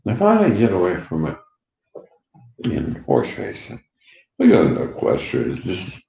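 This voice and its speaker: A man in his sixties with a gravelly voice, rambling bluntly and profanely and laughing between remarks. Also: low voice, huge pitch swings, a little slow, long pauses, a little mellow. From Canada. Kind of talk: rambling personal monologue. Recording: dull echoey room recording.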